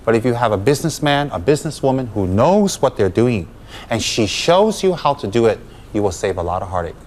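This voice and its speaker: A man's voice: medium pitch, big pitch swings, brisk, a little mellow. A man, a Buddhist teacher, giving a dharma talk to students, emphatic and full of rhetorical questions.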